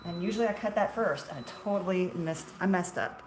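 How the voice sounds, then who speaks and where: A woman's voice: on the low side, brisk, slight background noise. A middle-aged woman, a shop owner, chatting casually on a livestream in a chatty, self-deprecating way and laughing often.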